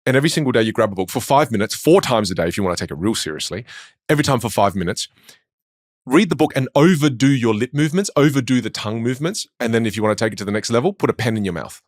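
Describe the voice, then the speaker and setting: A mid-range voice belongs to an Australian communication coach who, in a conversational interview, tells stories animatedly and puts on voices. The sound is clean studio quality with no echo.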